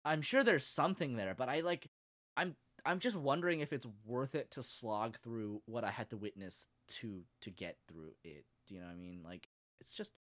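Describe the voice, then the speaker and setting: A woman in casual chat, retelling an anime episode in a lively, mocking way and acting out bits in silly voices. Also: a bass voice, moderate pace, no room sound, studio quality. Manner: animated retelling, acts out scenes in silly voices. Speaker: podcast co-host reviewing anime.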